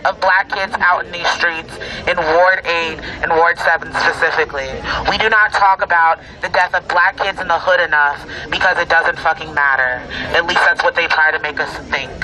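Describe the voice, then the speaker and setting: Angry man speaking at a loud rally. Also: high-pitched, poor audio. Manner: angry, emphatic, profane. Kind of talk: impassioned protest speech. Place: outdoors at a street protest. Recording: outdoor protest crowd noise.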